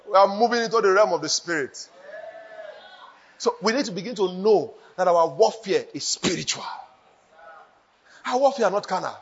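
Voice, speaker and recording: A man with a Nigerian accent preaching a sermon as pastor, swinging between hushed lines and shouted ones. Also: high-pitched, animated, normal speed, pauses often, highs cut off.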